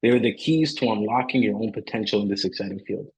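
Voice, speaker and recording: Low-ish guy hosting a panel, kinda rambly w/ likes and you knows, then reads a polished outro. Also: quick pace, slightly rough, poor audio. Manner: casual with fillers, then formal read-out outro. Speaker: host. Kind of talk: panel moderation and scripted closing.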